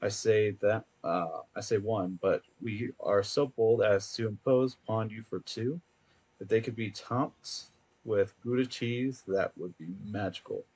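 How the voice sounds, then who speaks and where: A man reading as a pompous, flowery gentleman. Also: on the low side, measured pace, husky. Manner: grandiose archaic phrasing with stumbles.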